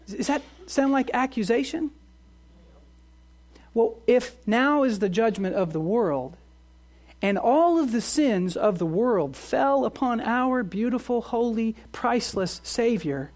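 A woman pastor preaching a sermon, earnest, with quiet emphasis and fervent outbursts. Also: medium pitch.

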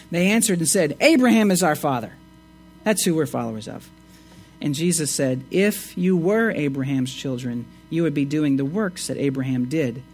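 A man preaching a sermon, reading scripture and explaining it with emphatic rises and quiet asides. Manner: expressive, swings between emphatic rises and low asides. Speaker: pastor.

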